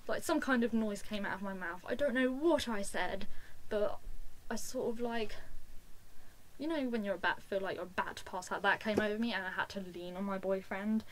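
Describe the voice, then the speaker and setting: A woman, excitedly telling a personal story to the camera in a casual vlog, with lots of "like". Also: mid-range voice, brisk, poor audio. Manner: gushing and excitable, full of "like". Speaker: fan vlogger.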